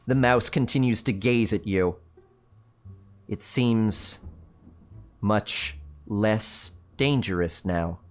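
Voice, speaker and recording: A man hosting a livestream, reading a spooky choose-your-own-adventure book aloud in a theatrical, playful way with joking asides. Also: medium pitch. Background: faint background music.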